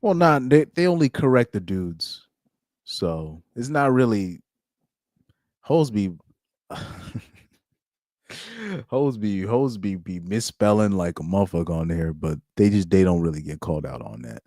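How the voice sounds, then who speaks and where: A low-voiced man talks in a loose, slangy podcast chat and often chuckles as he makes his points. His voice is recorded close and dry, with no room sound around it. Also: expressive, measured pace, pauses often, a little mellow, no room sound. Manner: laid-back, slangy, chuckles between points. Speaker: podcast host. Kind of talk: casual chat.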